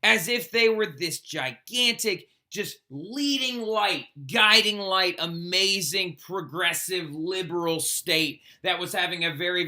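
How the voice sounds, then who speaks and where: With a voice on the high side, bright and forceful, a man casually teaches a history lecture that was recorded in class, sprinkling in "right?" tag questions and plenty of "like."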